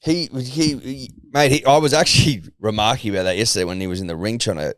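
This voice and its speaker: A man's voice: mid-range voice, fast talker, a bit bright, clear, resonant tone, no echo. A man co-hosting a sports podcast, emphatic, swearing and calling everyone "mate". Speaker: podcast co-host. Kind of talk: casual sports chat.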